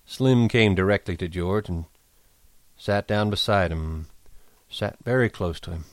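Low-voiced guy reading an audiobook, calm and even, very dry close sound. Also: dry recording. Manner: measured, even storytelling. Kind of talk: audiobook narration.

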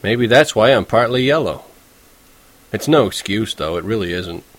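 A man's voice: lowish voice, lively intonation, moderate pace, dry recording. A man narrating a novel in the first person, in a conversational, wry and self-deprecating way. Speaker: audiobook narrator.

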